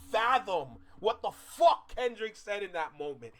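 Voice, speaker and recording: A man hosting a reaction video, talking casually and swinging from loud outbursts to low mutters. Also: very animated, a little slow, hardly any pauses.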